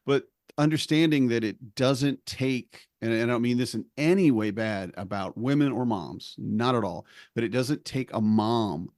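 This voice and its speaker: A man in his forties hosting a podcast in casual chat, animated and acting out quotes. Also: mid-range voice, measured pace, few pauses, dry recording, clean studio sound. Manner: animated, acts out quoted voices. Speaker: podcast host, stay-at-home dad.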